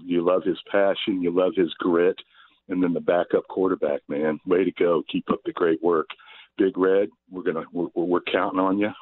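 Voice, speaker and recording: A man calling into a sports radio show, rambling and profane with rowdy excitement. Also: sits low. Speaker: caller. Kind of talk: excited fan call-in. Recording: tinny phone line.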